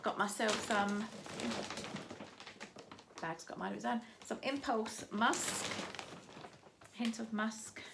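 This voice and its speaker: A woman's voice: a little high, slow, creaky, pauses often, noisy background. A woman in her fifties with grandchildren, chatting casually and rambling through a shopping haul with many restarts. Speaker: vlogger showing a shopping haul.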